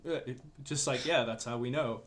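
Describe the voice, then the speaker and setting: A man's voice: mid-range voice, a little fast, fairly bright tone. A man with a Canadian accent, a guest on a podcast, chatting in an easygoing, wry way. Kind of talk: casual chat.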